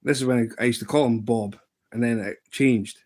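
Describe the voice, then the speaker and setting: A Scottish man in his thirties, chatting casually on a livestream and telling a rambling story, with sudden pitch jumps when he mimics other people. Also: fairly even intonation, fairly quick, a little mellow. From Scotland. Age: 30s. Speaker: live streamer.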